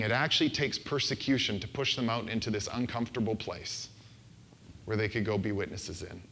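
A man's voice: medium pitch, fairly bright tone. A man preaching a sermon into a microphone in a conversational, playful way, sometimes acting out quoted voices. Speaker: pastor. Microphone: handheld microphone.

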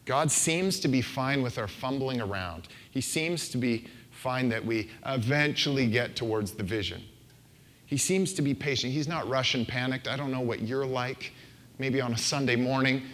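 A man's voice: mid-range voice, normal speed, a bit bright. Playful, conversational male preacher. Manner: conversational and playful, acts out quoted voices. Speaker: pastor. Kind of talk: sermon. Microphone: handheld microphone.

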